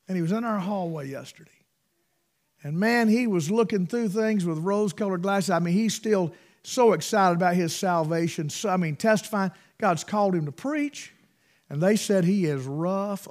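High-voiced preacher telling stories. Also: male voice. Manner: folksy, emphatic, swings between loud bursts and hushed asides. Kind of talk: storytelling sermon.

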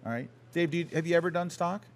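A man's voice: fairly high pitch, quick pace. A man hosting a casual interview at a photography conference, teasing his guests with playful banter into a handheld mic. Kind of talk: casual convention-floor interview. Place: indoors at a busy photography conference.

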